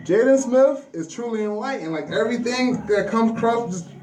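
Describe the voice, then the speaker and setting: A man's voice: very high voice, expressive, normal speed, darkish tone, rough recording. A man giving a preachy, profane spiritual rant to the listener, repeating words and restarting his sentences.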